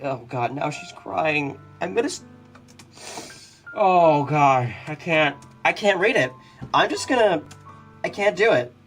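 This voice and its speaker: A woman's voice: sits low, animated, measured pace, long pauses, soft background music. Outraged woman gamer reacting to a game. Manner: outraged, exclaiming, with nervous laughter. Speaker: let's play gamer. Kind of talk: emotional game commentary.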